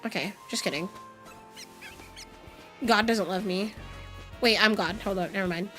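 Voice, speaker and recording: A young woman streamer in casual live-stream chat, excitable, swearing freely and laughing often. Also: mid-range voice, measured pace, soft background music.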